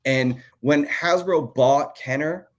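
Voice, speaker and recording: A man's voice: on the high side, slow. A man co-hosting a podcast, telling a profane, ranting story about his old design job. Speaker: podcast co-host, former toy designer. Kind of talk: casual podcast chat.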